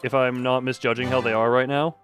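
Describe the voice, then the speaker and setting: A man streaming live, chatting casually while gaming, excitable and rambling with mild swearing and frequent laughs. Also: mid-range voice, fairly quick, music in the background.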